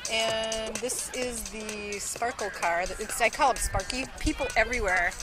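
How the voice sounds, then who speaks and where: Woman, higher side, chatty and self-amused, outdoor interview over loud music. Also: a little slow, low-quality recording. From Minneapolis area, USA. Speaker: art car owner. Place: outdoors at a street parade.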